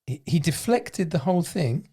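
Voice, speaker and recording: A man's voice: a little high, big pitch swings, normal speed, warm tone. A man hosting a podcast in a studio, chatting casually and thinking aloud in loose, rambling sentences. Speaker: podcast host. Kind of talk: casual chat.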